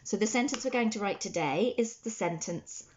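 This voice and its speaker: A woman teaching a children's phonics lesson, sounding out words slowly and praising often. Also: mid-range voice, animated, darkish tone, lo-fi sound. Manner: slow, sounding out words letter by letter with encouraging praise.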